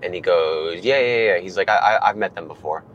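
A man in his thirties, animated, telling a long story in casual chat from a car and acting out the lines of others. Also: low voice, fairly quick, highs cut off, slight background noise. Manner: animated, acts out quotes from others. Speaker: guest.

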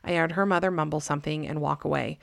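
Low, creaky woman narrating a story. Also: steady tone, dry recording, studio quality. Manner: measured, dramatic reading. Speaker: podcast host.

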